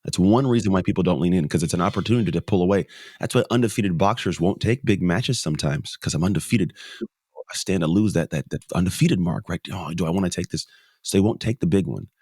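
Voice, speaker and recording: A middle-aged man with a very low, deep voice tells a motivational story on a podcast. He leans on key phrases and repeats them for emphasis. The sound is dry and close, with no room echo. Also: fast talker, darkish tone, breathy edge. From United States. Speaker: podcast guest. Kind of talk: motivational conversation.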